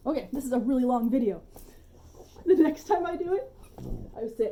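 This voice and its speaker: A woman dog trainer giving a relaxed, chatty demonstration tutorial at home, with informal asides. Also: sits high, fairly quick, slight background noise.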